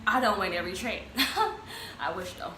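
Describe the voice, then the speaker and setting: In a bright, forceful, medium-pitched voice with lively intonation, a young woman talks at an unhurried pace while eating on camera at home. This casual mukbang chat is captured by the camera mic in an echoey room with faint ambient noise.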